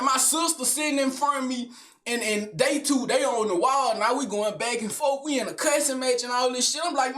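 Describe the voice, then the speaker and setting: A man telling a family story to the camera in a storytime monologue. He is animated, slangy and profane, and often checks in with the listener. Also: very high voice, moderate pace.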